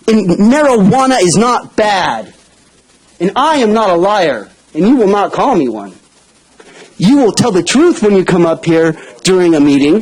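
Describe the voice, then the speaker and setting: A man with a strikingly high voice that swings widely up and down delivers a public comment at a council podium. He sounds confrontational and pointed, hammering home each demand. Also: rough recording.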